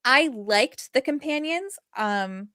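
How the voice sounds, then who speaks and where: A woman co-hosting a podcast in casual chat, animated and rambling with many fillers. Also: high voice, takes it slowly, dry recording, clean studio sound. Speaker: podcast co-host.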